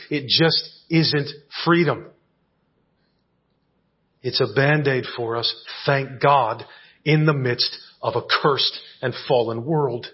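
A man's voice: fairly high pitch, breathy edge. A male pastor preaching a conversational sermon in a church, often checking in with the congregation. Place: church sanctuary. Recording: dull lo-fi church audio recording.

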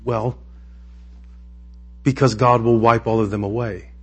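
A man's voice: mid-range voice, steady tone, a little slow, breathy edge. A man preaching a sermon in a conversational, emotional way that rises to impassioned peaks. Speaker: pastor.

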